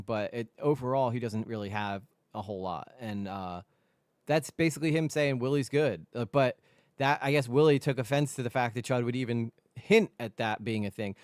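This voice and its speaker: A man hosting a casual commentary stream, rambling with restarts and sudden animated jumps in pitch. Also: no room sound, clean studio sound. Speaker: host.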